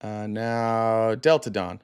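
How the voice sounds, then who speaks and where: A man's voice: lowish voice, steady tone, slow, darkish tone, clean tone. Easygoing man hosting a live stream. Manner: easygoing, casual, swears. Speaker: host.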